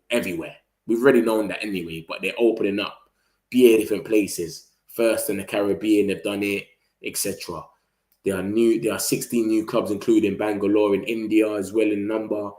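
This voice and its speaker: A man's voice: fairly low pitch, a little mellow, echoey room. A young man, chatting casually and rambling about football on a live stream. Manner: rambling, slangy, reacts to the match. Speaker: football vlogger.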